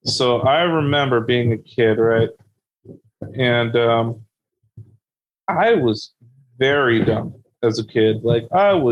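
Brief: young adult male podcast host, animated storyteller who swears freely, middle pitch. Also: slow, pauses often, lo-fi sound. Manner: animated, heavy swearing, laughing through his story. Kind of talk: casual storytelling.

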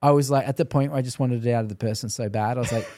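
A man's voice: medium pitch, racing, no echo, studio quality. A man with an Australian accent, interviewing a guest in casual conversation and acting out quotes as he tells stories. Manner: animated storyteller, acts out quotes.

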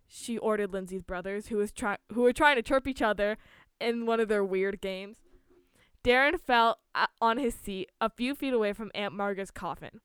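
A woman's voice: mid-range voice, normal speed, clean tone, no echo. A woman reading a spooky story aloud, with small slips and restarts as she goes.

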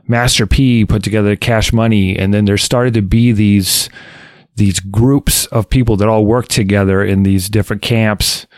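A man with a fairly low voice hosts a casual music podcast. He talks in a relaxed, reflective way, and his voice sounds dry and close. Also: normal speed, no room sound. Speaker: podcast host.

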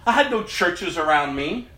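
A man with a high, forceful voice gives a personal testimony slowly and deliberately. He tells it dramatically, swinging from loud outbursts to hushed tones. The room around him is echoey. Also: expressive. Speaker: speaker giving a personal testimony. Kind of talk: emotional testimony to an audience.

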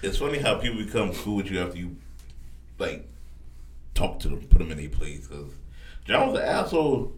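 A man's voice: deep voice, sing-song, moderate pace, pauses often, echoey room. A young man co-hosting a casual podcast, talking in blunt, slangy banter. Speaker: podcast co-host.

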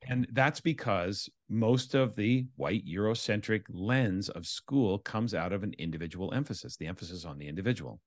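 A man's voice: lowish voice, normal speed, few pauses, no room sound, studio quality. A man from Canada, an education consultant, explaining his ideas earnestly as a guest in an interview. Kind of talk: interview conversation.

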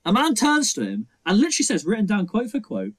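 A man's voice: sits high, huge pitch swings, fast talker. A young man co-hosting a casual film debate podcast, who acts out scenes in mocking voices. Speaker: podcast co-host.

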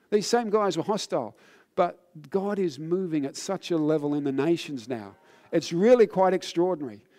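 A tired man preaching a sermon, telling a personal story with rising fervor and then turning low and solemn. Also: lively intonation, moderate pace, a little mellow. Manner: earnest, builds in intensity then drops low and solemn.

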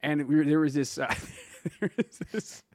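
A man's voice: fairly high pitch, unhurried, darkish tone, no echo, clean studio sound. A man co-hosting a podcast, chatting casually and telling stories, laughing often and swearing. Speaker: podcast co-host. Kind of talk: casual chat.

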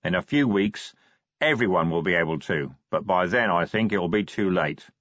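Man doing a quiet, patient troll. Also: deep voice, animated, no room sound, dull audio. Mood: calm, measured. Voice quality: quiet school-teacher tone. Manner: measured, patient, lightly teasing. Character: quiet, clever male troll, calm and patient.

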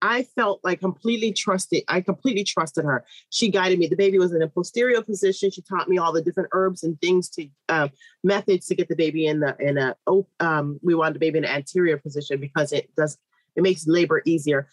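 A woman in her thirties tells a long personal story in an interview, slipping into other people's voices as she goes. Her voice is slightly husky, and the sound is close and dry with no room around it. She speaks as a midwife. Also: on the low side, a little fast, no room sound, poor audio. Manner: lively, animated storytelling with quoted voices.

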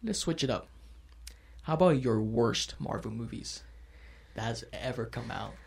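A man at the middle of the usual pitch range hosts a casual conversation. He tells his story with animated energy and breaks into laughter often. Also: normal speed, creaky. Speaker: host. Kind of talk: casual chat.

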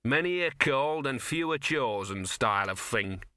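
A man's voice: mid-range voice, lively intonation, normal speed, bright, forceful tone, no room sound, clean studio sound. A man voicing a scruffy, sardonic male talking dog who grumbles in slangy street talk. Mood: wry.

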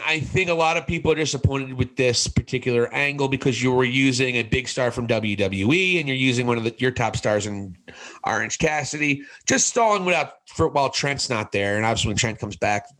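Man, podcast co-host, bright voice, opinionated casual banter with frequent laughs. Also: mid-range voice, rough recording. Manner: opinionated, laughs often, quick asides. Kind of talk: casual chat.

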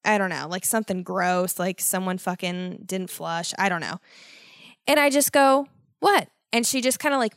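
Swearing, animated young woman podcaster. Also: fairly high pitch, dry recording, studio quality. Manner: animated, swears constantly, mock-dramatic exasperation. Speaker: podcast host. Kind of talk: solo podcast storytelling.

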